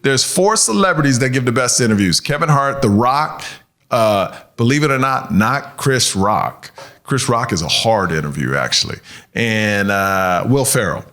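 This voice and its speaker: A man performing a stand-up comedy set on stage, animated and playful, slipping into voices for the people in his stories. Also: medium pitch, moderate pace. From United States. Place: comedy club stage before a live audience.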